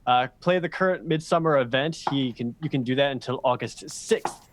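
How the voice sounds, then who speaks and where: A man's voice: mid-range voice, moderate pace, noisy background. A young man playing a tabletop game, chatty with lots of fillers and laughs. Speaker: player. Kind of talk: casual tabletop play.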